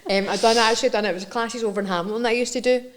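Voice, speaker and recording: A woman's voice: on the high side, steady tone, racing. A young woman with a Scottish accent, co-hosting a podcast in casual, teasing chat and laughing often. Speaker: podcast co-host.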